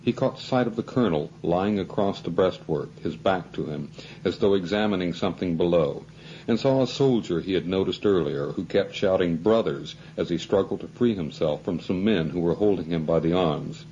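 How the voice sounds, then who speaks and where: A man reading a novel aloud as scripted narration, in a measured way. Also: low voice, dark tone, muffled recording, slight background noise. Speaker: audiobook narrator.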